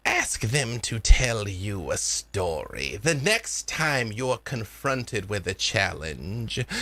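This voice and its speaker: A man voicing a sly old grandmother figure who talks with spirits, speaking in a slow, coaxing murmur. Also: medium pitch, vocal fry, bright, forceful tone, dry recording, heavily acted.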